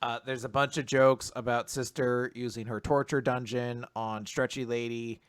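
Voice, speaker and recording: A man co-hosting a casual manga recap podcast, animated, laughing often and acting out characters' lines. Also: mid-range voice, moderate pace, smooth, dry recording, studio quality. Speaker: podcast co-host.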